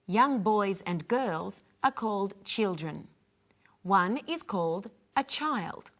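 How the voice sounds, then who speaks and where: A woman teaching English phrases, clearly modelling each one for learners to repeat. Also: mid-range voice, animated, slow pace, a bit bright. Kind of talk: slow teaching with repeat-after-me drills.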